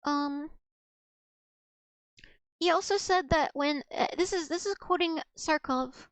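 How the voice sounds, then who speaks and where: Speaking slowly with long pauses, a young adult streamer from the US chats casually on her livestream in a high voice. The recording is dry, and she rambles, restarts, and giggles.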